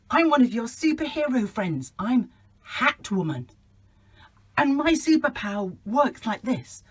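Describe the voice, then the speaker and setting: A woman's voice: a little high, breathy edge, poor audio. A woman playing a superhero storyteller, chatting straight to children as she tells her tale.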